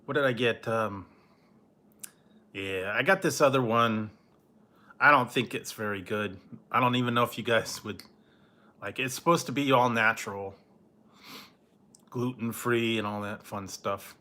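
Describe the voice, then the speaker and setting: A man's voice: mid-range voice, measured pace, long pauses, bright, forceful tone. A man reviewing snacks in a laid-back, casual way, chuckling often and trailing off mid-sentence. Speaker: food review vlogger.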